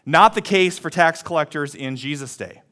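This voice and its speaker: A man in his thirties, a pastor giving a lively sermon with a personal story and calls for responses from the congregation. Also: a little high, normal speed. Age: 30s.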